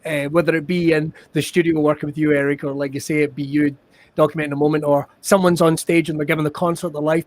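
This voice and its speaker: Quick, jokey Scottish podcast host. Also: male voice, fairly high pitch. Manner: jokey, self-deprecating, quick talker. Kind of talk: casual interview chat.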